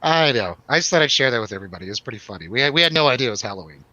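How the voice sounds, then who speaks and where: Lively man telling a rambling story. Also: mid-range voice, very fast, no room sound, highs cut off. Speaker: radio show host. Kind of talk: casual storytelling chat.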